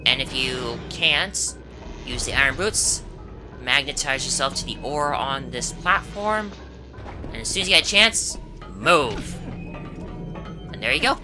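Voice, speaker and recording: A woman's voice: rumbling low, animated, slow, pauses often. A woman giving casual, rambling gameplay commentary, full of asides and fillers. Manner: chatty, rambling, frequent "uh" and "anyway". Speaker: game commentator. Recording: game music behind voice.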